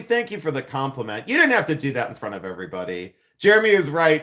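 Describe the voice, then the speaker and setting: A man's voice: medium pitch, very animated, fast, hardly any pauses, fairly bright tone, slight background noise. A man hosting a livestream from his jewelry studio, chatting effusively with viewers, laughing often and thanking them. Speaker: silversmith livestream host. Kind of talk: casual livestream chat with viewers.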